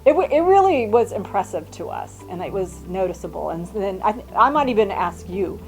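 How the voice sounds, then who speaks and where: An older woman and mother telling travel stories in a chatty, animated way, with many restarts. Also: medium pitch, moderate pace, faint music behind. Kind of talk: casual storytelling.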